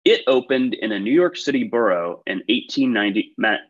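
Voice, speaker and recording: A man with a low, husky voice hosts a trivia game over a video call. His delivery swings up and down as he reads questions and praises players, and the sound is dull and lo-fi. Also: animated, brisk. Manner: upbeat, chatty asides between questions. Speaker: quiz show host.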